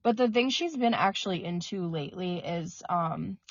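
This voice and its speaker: A woman's voice: fairly low pitch, lively intonation, normal speed, no echo. A woman co-hosting a podcast in casual chat, talking freely and leaning on "like" fillers. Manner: chatty, heavy on "like" fillers. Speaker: podcast co-host. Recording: dry muffled lo-fi recording.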